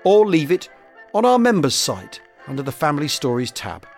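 A man hosting a podcast, reading a listener's story and sign-off in a lively, expressive way. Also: fairly high pitch, normal speed, faint music behind. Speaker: podcast host.

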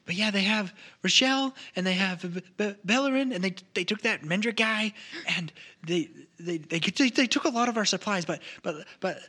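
A small, panicky gnome, put on by a game master, trips over his own words in frantic repeats. The voice sits a touch high and bright. It is tabletop role-play, told in a rush. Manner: stammering, flustered, halting repeats.

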